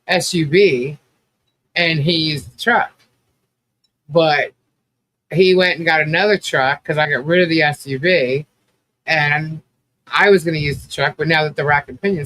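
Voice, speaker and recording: Man, high voice, casual livestream host, rambling storyteller, lots of fillers. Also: pushed and bright. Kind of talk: casual chat.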